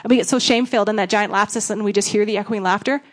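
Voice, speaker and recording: A woman giving a casual, conversational sermon, acting out voices with sudden big jumps in pitch. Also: steady tone, racing. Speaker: preacher.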